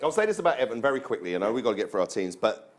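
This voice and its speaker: A man hosting a casual football fantasy panel, brisk and teasing as he moves the talk along. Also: fairly low pitch, very animated. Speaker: host. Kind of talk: casual sports chat.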